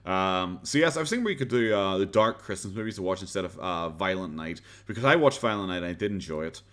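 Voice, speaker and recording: A man's voice: deep voice, expressive, fast talker, a bit bright. An Irish man streaming live, chatting casually and reading out viewer comments in a rambling, self-interrupting way, often laughing. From Ireland.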